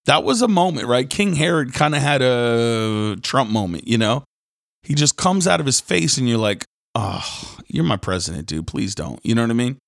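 A man's voice: mid-range voice, moderate pace, creaky, no echo, studio quality. A man hosting a podcast, retelling a Bible story in a casual, slangy sermon style and acting out the characters. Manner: animated, slangy, acts out characters in quotes. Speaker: podcast host, preacher.

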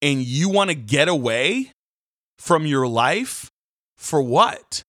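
A man, a pastor hosting a daily devotional, preaching casually with sudden jumps into loud mocking voices. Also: fairly high pitch, big pitch swings, slow, dry recording, clean studio sound. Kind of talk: energetic devotional sermon.

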